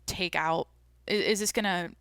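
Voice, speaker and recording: A young woman hosts her own podcast in a casual, rambling chat full of fillers and deadpan jokes. Her voice is bright and lively in tone. The recording is dry and close, with no room sound. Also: fairly low pitch, moderate pace, clean tone, dry recording. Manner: rambling, jokey, lots of "like" and "um"; self-described deadpan. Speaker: podcast host.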